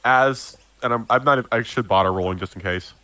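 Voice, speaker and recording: Bright-voiced young male game master. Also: mid-range voice, fairly quick, no room sound. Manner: laughing, casual narration with many fillers. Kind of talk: narrating a tabletop game.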